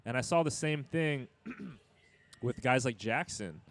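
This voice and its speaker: A laid-back man joins a podcast chat and talks loosely, dropping "you know" and casual swearing. His voice sits at a plain middle pitch. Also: expressive, slow.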